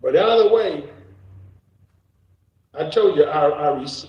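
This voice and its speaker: A man's voice: a little high, expressive, slow, echoey room, lo-fi sound. A man hosting a casual reaction stream, joking around, cursing and laughing often. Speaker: streamer host.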